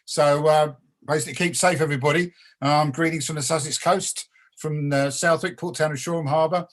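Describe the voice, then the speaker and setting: A man's voice: fairly high pitch, fairly even intonation, fairly quick. A man in his sixties, a punk poet chatting bluntly and chanting a sweary comic rap over a video call. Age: 60s. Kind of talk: ranting comic rap poem and chat.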